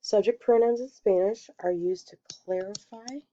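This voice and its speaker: A woman teaching a Spanish lesson, explaining step by step in a patient way and quickly correcting her own slips. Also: mid-range voice, warm tone, highs cut off. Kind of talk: recorded classroom lesson.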